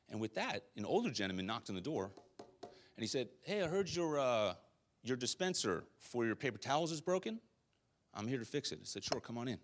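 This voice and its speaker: A young man preaching a sermon, telling a personal story in a conversational, animated way with quoted dialogue. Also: medium pitch, a little fast.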